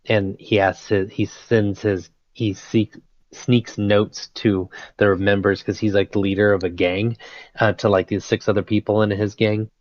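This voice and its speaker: A man's voice: on the low side, no room sound. A man hosting a casual chat, retelling a story in a rambling, slangy way full of fillers and laughs. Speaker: podcast host. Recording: dull lo-fi recording.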